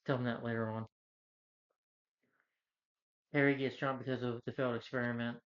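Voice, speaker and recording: A man's voice: mid-range voice, level tone, moderate pace, highs cut off. A man giving a casual film review, retelling the plot in a rambling way with lots of fillers.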